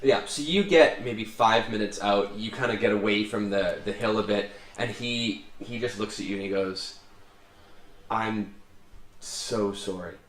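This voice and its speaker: A man's voice: fairly low pitch, moderate pace, hardly any pauses. Rambling, laughing male game master. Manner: loose, rambling, laughs often. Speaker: dungeon master. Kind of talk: running a tabletop game. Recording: echoey room.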